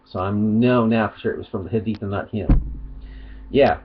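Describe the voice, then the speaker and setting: A man's voice: fairly low pitch, steady tone, moderate pace, husky, highs cut off. A man giving a rambling, argumentative vlog monologue, partly reading aloud, with many restarts. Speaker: video commentator.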